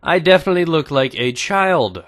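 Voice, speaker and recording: A young man in his twenties rambles through funny personal stories while commentating a video game. He jokes crudely and swings his pitch up and down as he tells it. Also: moderate pace. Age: 20s. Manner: crude joking, animated storytelling. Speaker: gaming YouTuber. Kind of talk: gameplay commentary with storytelling.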